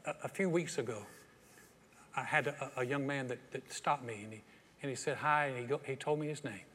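A man preaching a sermon as pastor, a lively storyteller who acts out the scenes he describes. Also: medium pitch, fairly quick, a little hiss or hum. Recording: long hall reverb.

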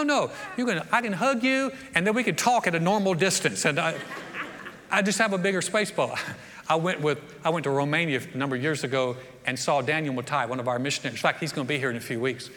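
Folksy male pastor with a higher voice, preaching in a reverberant church. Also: fast, slight background noise. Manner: folksy, animated storytelling with acted-out quotes. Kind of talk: sermon. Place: church sanctuary.

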